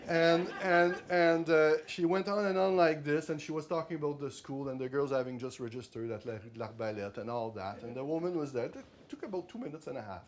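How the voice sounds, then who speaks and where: A man's voice: fairly high pitch, brisk, hardly any pauses. Quebecois man telling anecdotes at a talk. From Quebec, Canada. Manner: animated storytelling, many restarts and repeated words. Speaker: author giving a library talk. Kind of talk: conversational talk to an audience. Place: library event room.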